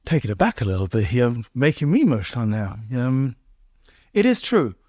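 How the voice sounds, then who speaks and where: A man's voice: mid-range voice, sing-song, moderate pace, dark tone, dry recording, clean studio sound. A man hosting a podcast, chatting casually and animatedly with his guest. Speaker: podcast host. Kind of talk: casual interview chat.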